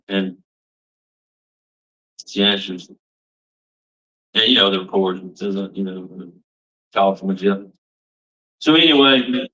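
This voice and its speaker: A man's voice: medium pitch, sharp tone. Man telling his story from far off. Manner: rambling, restarts often, casual Southern phrasing. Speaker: testimony speaker. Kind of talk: personal testimony.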